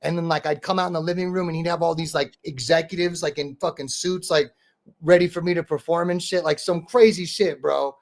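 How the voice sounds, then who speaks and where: Speaking a little fast with fairly even intonation, this higher-pitched man hosts a podcast and raps. His storytelling is casual, rambling and profane, sprinkled with "bro" and "dude."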